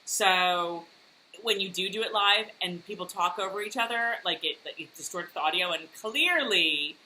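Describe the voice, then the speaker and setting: A woman's voice: on the low side, moderate pace, sharp tone, slight background noise, rough recording. A woman co-hosting a podcast over a video call, chatting casually with giggles and lots of fillers. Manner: giggly, rambling with many fillers. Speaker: podcast co-host. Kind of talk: casual chat.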